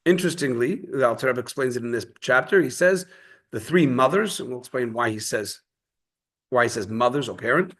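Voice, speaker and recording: A man's voice: medium pitch, lively intonation, brisk, fairly bright tone. A man teaching a Torah class in a conversational way, explaining ideas through stories and everyday examples. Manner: conversational, storytelling with quoted voices.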